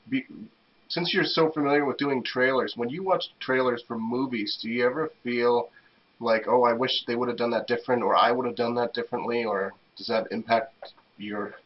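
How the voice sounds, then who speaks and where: A male podcast host reading listener questions aloud in a relaxed, hesitant way with fillers. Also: mid-range voice, a little fast. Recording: dull lo-fi sound.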